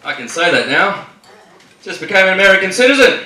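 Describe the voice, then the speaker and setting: A man's voice: sits high, lively intonation, brisk, over a noisy crowd. A man with an Australian accent doing a brash, profane stand-up comedy set on a club stage. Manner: brash and profane, punchy delivery. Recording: echoey club from a distance, noisy.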